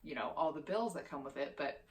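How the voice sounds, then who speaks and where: A woman's voice: low-pitched, expressive, a little fast. A woman in her twenties ranting as a vlogger, heated and profane, swearing constantly. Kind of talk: heated opinion rant.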